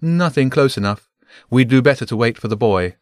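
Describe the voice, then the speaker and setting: A man voicing a calm, precise falcon in an audiobook, speaking matter-of-factly. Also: mid-range voice, a little fast, no echo, pitched above the performer's own voice, natural voice. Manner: matter-of-fact, dry.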